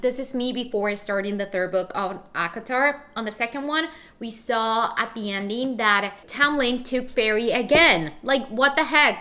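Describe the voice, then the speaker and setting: A woman in her twenties chatting excitedly in a casual vlog from her bedroom, gushing and rambling with lots of fillers. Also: on the high side. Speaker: vlogger.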